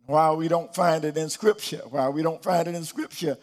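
A middle-aged man preaching a sermon, slow, dropping soft and low and then rising to emphatic peaks. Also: steady tone.

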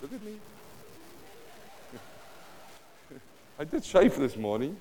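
A man with a South African accent preaching a sermon to his congregation, dropping to a hush and then rising loud. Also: on the high side, big pitch swings, extremely slow. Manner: dynamic preaching, swinging between hushed and loud. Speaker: pastor.

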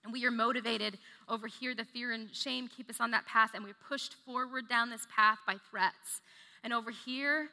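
A woman's voice: fairly high pitch, fairly even intonation, normal speed, bright, forceful tone. A woman preaching a sermon, earnest, repeating phrases and putting questions to the audience. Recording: long reverb of a large hall.

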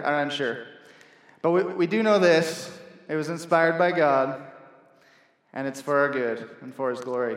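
A young man preaching a sermon in a church, earnest and conversational, repeating key phrases for emphasis. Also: fairly high pitch. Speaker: pastor. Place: church hall. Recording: echoey hall from far off.

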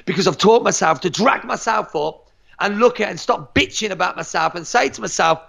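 A martial arts instructor talking on a podcast, energetic and emphatic, swearing freely and tripping over repeated words. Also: male voice, sits high, brisk, vocal fry. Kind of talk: motivational podcast chat.

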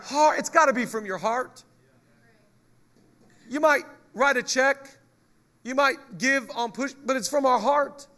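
A male pastor preaching a lively sermon, joking with the congregation and reading scripture aloud. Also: very high voice, measured pace, long pauses.

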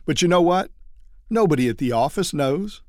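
A man's voice: fairly high pitch, animated, normal speed, a little mellow, no room sound. Man teaching jury persuasion, dry sound. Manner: storytelling, acting out everyday quotes. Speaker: trial lawyer teaching other lawyers. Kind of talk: instructional talk to lawyers on persuading juries.

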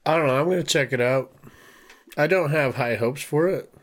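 A man's voice: fairly high pitch, normal speed. A young man co-hosting a podcast, in easygoing casual chat with short replies. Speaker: podcast co-host.

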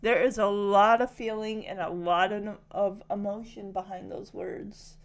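A woman's voice: medium pitch, steady tone, a little slow. A woman recapping a TV episode in a chatty, gushing way. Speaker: show recap vlogger. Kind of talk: casual recap.

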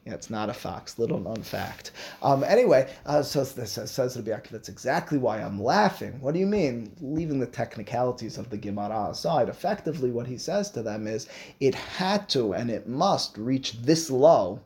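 Male Torah teacher, mid-pitched, lively and emphatic classroom lecturer. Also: normal speed. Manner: animated, emphatic, rhetorical questions.

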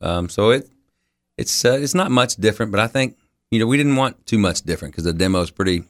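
A man's voice: on the low side, lively intonation, fast. A man in his thirties, a country singer guest on a radio interview, telling stories in a laid-back way with many fillers and frequent laughs.

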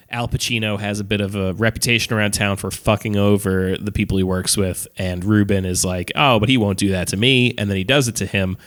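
Man, podcast co-host, slightly low pitch, rambling casual chat, filler words, offhand swearing. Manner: rambling, lots of "like" and "um", casual swearing, laughs while telling. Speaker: podcast co-host reviewing films.

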